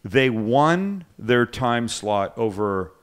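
A man's voice: mid-range voice, sing-song, very slow, clear, resonant tone. A man hosting a cooking livecast, chatting casually and joking with his co-hosts in a rambling, self-interrupting way. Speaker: cooking show host. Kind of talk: casual chat on a live podcast.

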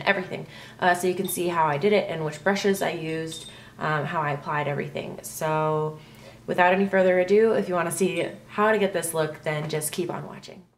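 A young beauty vlogger with a voice on the low side chats casually through a makeup tutorial, rambling with plenty of ums and likes. There's a little hiss or hum in the recording.

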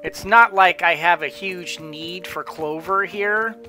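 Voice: mid-range voice, slow, sharp tone. A gamer giving casual gameplay commentary, rambling with frequent restarts and chuckling to themself. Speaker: let's play gamer.

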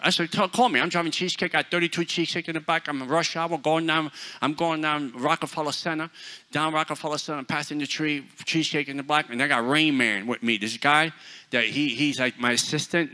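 Animated New preacher telling stories. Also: male voice, on the high side, brisk. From New York. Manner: animated, humorous, conversational preaching. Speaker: guest preacher. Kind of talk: storytelling sermon.

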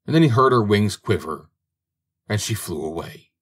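A man reading a fairy tale aloud as an audiobook narrator, in a steady, measured storytelling manner. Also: fairly low pitch, slightly rough.

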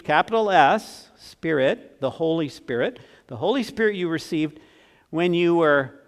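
A man in his sixties preaching a sermon as pastor, earnest, swinging from emphatic to soft and tender. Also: on the high side. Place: church sanctuary. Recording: long church reverb.

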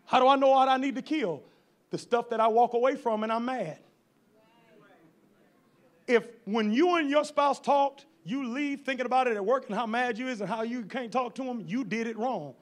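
Very high-voiced preaching man. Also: moderate pace. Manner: fiery, folksy preaching that climbs to shouts. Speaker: pastor. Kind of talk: sermon.

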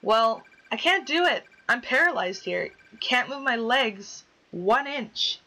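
A woman's voice: fairly high pitch, animated, slow pace, pushed and bright, poor audio. A woman playing a horror game on video, chatting casually, reading the story aloud and yelping at the scares. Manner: jokey, easily spooked, yelps at scares. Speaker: let's play gamer.

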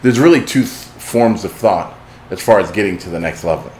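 Deep-voiced man telling an impassioned story. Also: expressive, a little fast, slight background noise. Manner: builds from hushed intensity to impassioned shouting. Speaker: host. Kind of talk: dramatic motivational storytelling.

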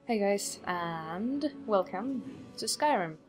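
A woman's voice: medium pitch, animated, slow pace, faint music behind. A young woman hosting a game playthrough, chatty and rambling, acting out the voices she quotes. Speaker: let's play host. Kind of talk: casual gameplay commentary.

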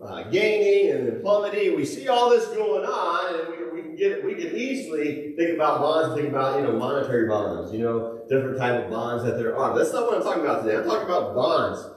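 Echoey church pastor, conversational preaching. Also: male voice, on the high side, expressive, brisk, few pauses. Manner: conversational preaching, folksy asides and chuckles. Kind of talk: sermon. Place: church auditorium. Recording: echoey church hall, mic at a distance.

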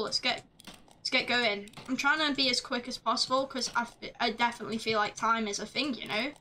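A woman streaming a game live, chatting along as she plays, swearing freely and shouting at the screen. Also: a little high, brisk, a little hiss or hum. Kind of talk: live gameplay commentary.

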